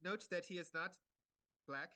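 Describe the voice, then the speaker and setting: A man giving an art lecture in short phrases, pausing for an interpreter and filling gaps with many hesitations. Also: high voice, bright, forceful tone. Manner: halting, many fillers and restarts.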